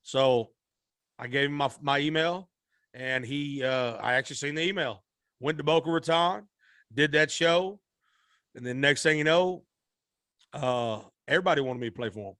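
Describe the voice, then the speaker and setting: A man's voice: fairly high pitch, moderate pace, long pauses, a bit bright, no echo, studio quality. A man, a musician guest telling a rambling, folksy story in a podcast interview. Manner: rambling, repeats and restarts, Southern-style folksy speech.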